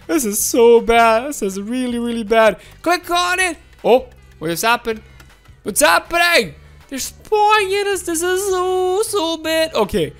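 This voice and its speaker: Woman, gaming host, high-pitched, animated, exclamatory, giggly, faint game music behind. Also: slow. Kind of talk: playthrough commentary.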